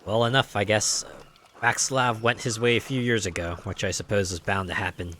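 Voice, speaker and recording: A man's voice: fairly low pitch, fairly even intonation, moderate pace, bright, forceful tone, a little hiss or hum. A man voicing a lonely, gossipy older villager in a story-driven video game, reading the lines aloud.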